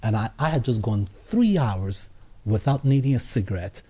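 A man telling his personal faith story as an interview guest, earnest, with halting restarts. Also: fairly low pitch, animated, dark tone, husky. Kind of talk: personal testimony in conversation.

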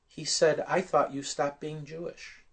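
A man's voice: fairly high pitch, level tone, measured pace, vocal fry, breathy edge. A man sharing a personal faith story in conversation, telling it earnestly and quoting what others said. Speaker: guest sharing testimony.

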